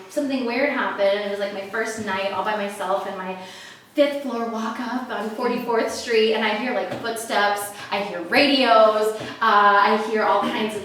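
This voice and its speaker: A woman from New Mexico performing a stand-up comedy set on a club stage, animated and acting out voices in her stories. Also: fairly high pitch. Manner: animated, acts out voices in dialogue. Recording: echoey club, far from the mic, crowd noise.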